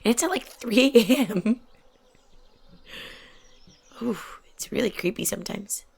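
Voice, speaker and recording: A young adult woman chatting softly while she plays a game, often dropping to a near whisper. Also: on the high side, expressive, a little slow, creaky, breathy edge. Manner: soft-spoken, often drops to a near whisper. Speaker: gaming channel host. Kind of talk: relaxed chat while playing a game.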